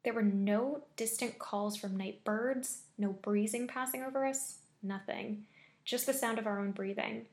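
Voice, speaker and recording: A woman's voice: fairly high pitch, a little slow, darkish tone. Woman narrating a horror story.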